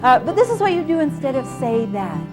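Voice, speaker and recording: A woman's voice: high-pitched, big pitch swings, a little fast, over music. A middle-aged woman giving a live parenting talk to an audience, laughing often and acting out scenes with her children. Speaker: parenting speaker.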